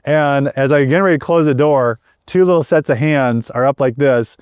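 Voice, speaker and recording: Speaking as an interview guest, a middle-aged man earnestly recounts a personal testimony in a typical male pitch, at a moderate pace and with a clean tone. He frequently repeats words and starts sentences over. The recording sounds close and dry, without any room echo.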